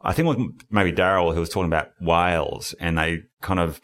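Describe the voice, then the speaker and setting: A man's voice: low-pitched, fairly even intonation, a little fast, a bit bright. A man hosting a casual podcast interview, talking in a rambling, enthusiastic way and often correcting himself mid-sentence. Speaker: podcast host.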